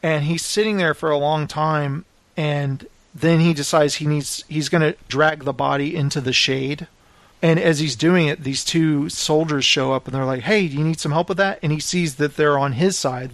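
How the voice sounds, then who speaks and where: A man's voice: fairly high pitch, moderate pace, dry recording. A man in a casual film discussion, eagerly retelling scenes and acting out the characters' lines. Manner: animated retelling, acts out quoted lines. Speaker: film podcast co-host.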